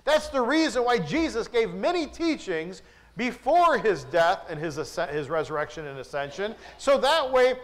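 A man with a notably high voice preaches a sermon in a church. He speaks emphatically, pressing the congregation with rhetorical questions. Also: big pitch swings, moderate pace. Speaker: pastor. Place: church with a screen behind him.

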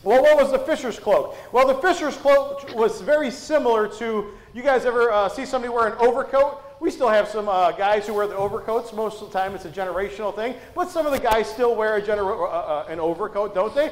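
High-voiced man preaching in an echoey hall. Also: a little fast, hardly any pauses. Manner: folksy and conversational, with rhetorical questions. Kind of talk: sermon.

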